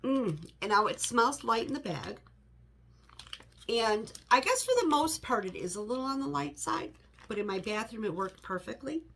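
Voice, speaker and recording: A woman's voice: a little high, expressive, normal speed, vocal fry, fairly bright tone, slightly rough. A middle-aged woman chatting casually to the camera in her home office, rambling with many "you know" asides. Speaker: home fragrance vlogger.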